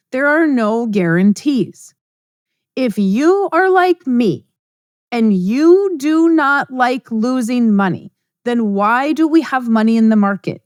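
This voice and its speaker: High-voiced woman, blunt and emphatic. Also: darkish tone, no room sound, studio quality. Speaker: podcast host. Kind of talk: casual monologue.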